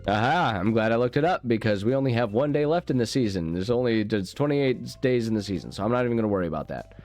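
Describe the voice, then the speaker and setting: Expressive and quick-paced, this gaming channel host speaks at medium pitch with a darkish tone. His casual let's play commentary rambles goofily, with frequent self-interruptions, over game music.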